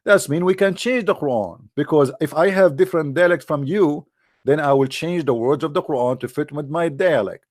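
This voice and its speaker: A man with a fairly high voice argues his point in a sarcastic monologue, firing rhetorical questions at his audience. His English has a non-native grammar, and the sound is close and dry with no room echo. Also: moderate pace. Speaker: presenter of religious debate videos. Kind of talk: argumentative monologue.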